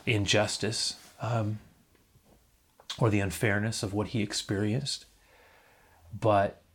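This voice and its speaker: A male preacher delivers a reflective sermon at an unhurried, deliberate pace. His voice sits low with a husky edge, rising to emphatic points and pausing to invite the congregation to repeat after him.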